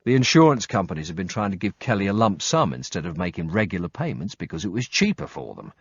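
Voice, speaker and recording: Brief: low male audiobook narrator, lively intonation, wry and blunt, dry muffled recording. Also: fast talker, breathy edge, no room sound. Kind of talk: first-person audiobook narration.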